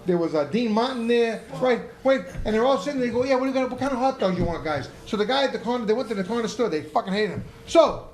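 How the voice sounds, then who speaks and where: Fast-talking high-voiced storyteller man. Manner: rapid, profane, animated storyteller. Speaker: guest, former boxer. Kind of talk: live podcast storytelling. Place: comedy club stage. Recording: echoey live club room.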